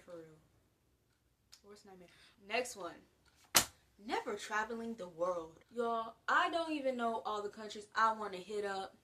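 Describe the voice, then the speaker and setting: Chatty, animated young woman from the US. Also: sits high, distant mic. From United States. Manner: animated, slangy and chatty, with big swings in loudness. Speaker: vlogger. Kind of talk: casual to-camera monologue.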